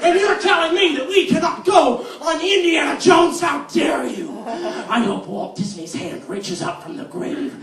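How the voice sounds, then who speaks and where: A raging grandmother yells her outrage at a theme-park worker, as a man puts her on in a comedy routine. Her voice climbs high and loud as she shouts. It is caught from a distance in an echoey theater. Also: animated, unhurried, vocal fry, hardly any pauses, exaggerated voice. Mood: furious. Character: furious grandmother yelling at a ride worker.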